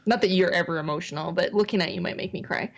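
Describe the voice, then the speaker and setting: A woman's voice: lowish voice, quick pace. Female co-host, casual chat, earnest and candid delivery. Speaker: podcast co-host.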